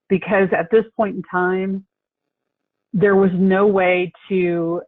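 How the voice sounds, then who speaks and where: A man consulting on healthcare coding in a webinar discussion, explaining in a measured, deliberate way. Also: high voice, dry recording. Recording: tinny phone-line audio.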